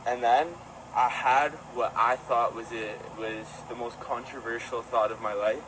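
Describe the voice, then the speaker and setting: A man's voice: medium pitch, fairly even intonation, unhurried. A man bluntly recounting a shocking event with swearing, in a played clip. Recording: street clip with traffic noise.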